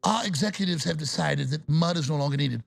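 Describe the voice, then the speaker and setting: A man doing a mock impression of a smug male oil company executive with a Cajun accent, in a gravelly, drawling voice. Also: a little high, expressive, a little fast, dry recording, clean studio sound.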